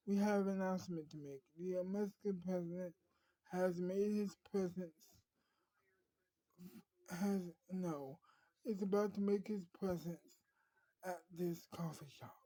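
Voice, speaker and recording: A woman's voice: fairly low pitch, fairly even intonation, measured pace, pauses often, mellow, rough recording. A woman voicing a man making a formal announcement in a cafe.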